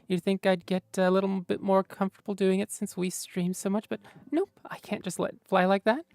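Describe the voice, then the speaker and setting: A woman's voice: mid-range voice, level tone, brisk, a little mellow, no echo. A woman streamer chatting casually with her viewers, playful and teasing. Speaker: streamer reading chat. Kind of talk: casual livestream chat.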